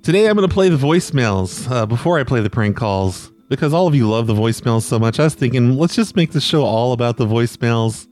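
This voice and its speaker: A man's voice: medium pitch, expressive, fairly quick, few pauses, a little mellow. A man hosting his own prank call show, talking loosely and with self-deprecation, often trailing off unsure. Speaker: podcast host and prank caller. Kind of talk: casual rambling monologue.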